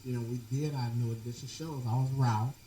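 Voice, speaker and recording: A man's voice: steady tone, brisk, recorded from a distance. A middle-aged man co-hosting a casual chat, loosely telling stories and laughing. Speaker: podcast co-host. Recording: echoey room with rumbling noise.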